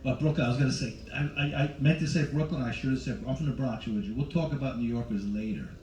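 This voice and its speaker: A man's voice: mid-range voice, fast talker, darkish tone, recorded from a distance. Brash man doing stand-up in roomy lounge. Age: 40s. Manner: brash, teasing, talks to the crowd. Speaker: stand-up comedian. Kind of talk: stand-up comedy with crowd work. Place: cruise ship show lounge with live audience.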